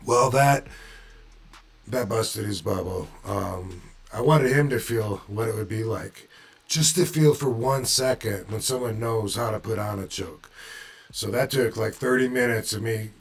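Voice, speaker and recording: A man's voice: lowish voice, moderate pace, creaky. A man casually telling a story, laid-back, chuckling at times, and swearing freely.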